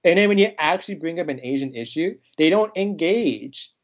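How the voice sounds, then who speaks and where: A man from Texas, a podcast guest, talking in casual chat with an animated, ranting delivery in quick bursts. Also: on the high side, lo-fi sound. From Texas, United States.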